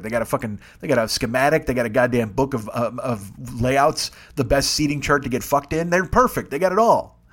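Fast, lively profane man ranting. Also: mid-range voice. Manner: profane, riffing, animated. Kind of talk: casual comedic rant.

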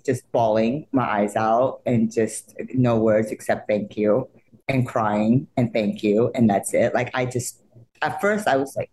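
A woman, a soap opera actress and guest, retelling stories in a casual interview. She talks animatedly and laughs a lot. She acts out her own excited reactions in quotes. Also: a bass voice, measured pace. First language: not English.

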